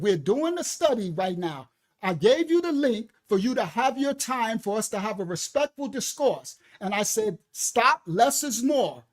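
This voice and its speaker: A minister preaching to a live audience, sternly scolding a commenter. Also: male voice, sits high. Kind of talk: livestreamed preaching.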